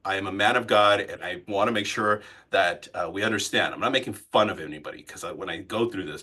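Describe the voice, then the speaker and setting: A man with a bright, forward voice that carries a husky edge. He coaches a group in a live training session. He talks with animated energy and keeps turning to the listeners with questions. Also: on the low side. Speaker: real estate sales coach.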